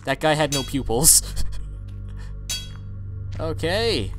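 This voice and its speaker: Male let's player, fairly high and unhurried, jokey and mock-scared, reading the game out loud. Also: sing-song, soft background music. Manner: playful, mock-scared, reads game text aloud and jokes. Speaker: gamer. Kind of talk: let's play commentary.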